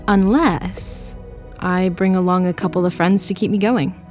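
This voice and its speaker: A woman's voice: on the low side, fairly even intonation, measured pace, a little mellow. A young woman giving candid, wry and upbeat voice-over narration for her vlog. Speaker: vlogger. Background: music playing underneath.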